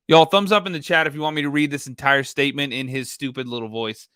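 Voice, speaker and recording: A man's voice: medium pitch, steady tone, quick pace, hardly any pauses, sharp tone, smooth, no room sound, studio quality. A man hosting a true crime livestream, talking bluntly and mockingly with lots of swearing. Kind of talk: casual livestream commentary.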